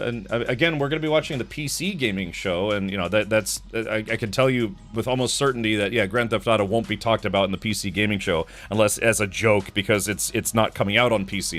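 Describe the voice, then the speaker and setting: A man's voice: on the low side, fast talker, hardly any pauses, a bit bright, faint music behind. A man hosting a live stream in casual chat, tired, rambling through stories and making mouth sound effects.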